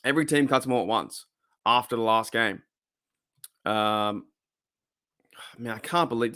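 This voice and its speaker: A man's voice: mid-range voice, measured pace, pauses often, bright, forceful tone, smooth. An Australian man in his thirties hosting a fan livestream, chatting casually with viewers in a rambling, laid-back way and repeating himself often. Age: 30s.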